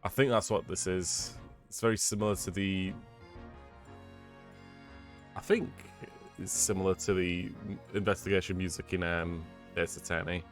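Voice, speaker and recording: A man's voice: low voice, fairly even intonation, normal speed, long pauses. A British man streaming a game, making frank, joking asides in casual commentary. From Britain. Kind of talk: casual commentary while playing. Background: game music.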